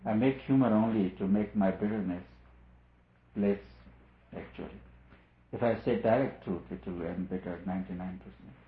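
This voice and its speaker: A man with a fairly low voice delivers a spiritual discourse as a teacher, measured and emphatic, repeating his points again and again. The sound is thin and phone-like, with a roomy echo around him. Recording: echoey room, phone-like lo-fi sound.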